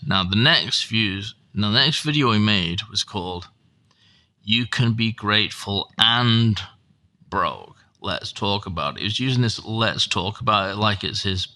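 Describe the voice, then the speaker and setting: A man's voice: medium pitch, bright, forceful tone. A man giving profane, sardonic reaction commentary as a YouTube host.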